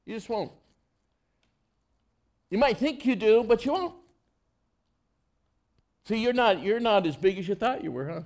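A man preaching a sermon in an earnest, conversational way, swinging between loud emphasis and soft, low passages. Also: animated, a little slow, pauses often.

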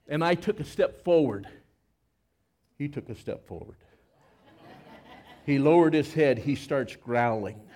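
A man preaching at a church service, telling a personal story dramatically and acting out the scenes before praying. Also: fairly high pitch. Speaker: pastor. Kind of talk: storytelling sermon.

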